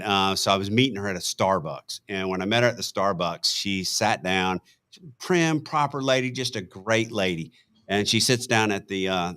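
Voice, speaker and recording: A middle-aged man hosting a podcast, telling a conversational story as an animated storyteller who acts out the quotes. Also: low voice. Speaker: podcast host.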